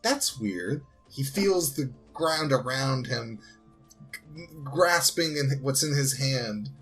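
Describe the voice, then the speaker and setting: A man co-hosting a podcast, narrating an improvised holiday story slowly and expressively. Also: medium pitch, expressive, fairly bright tone, soft background music. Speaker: podcast host.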